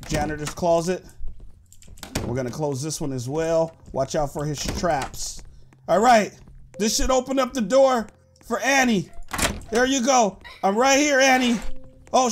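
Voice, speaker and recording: A man giving excited gameplay commentary to his viewers, full of "like" and "guys" and bursting into sudden shouts. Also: high voice, a little hiss or hum. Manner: animated, says "like" and "guys" a lot, bursts into shouts. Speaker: gaming YouTuber.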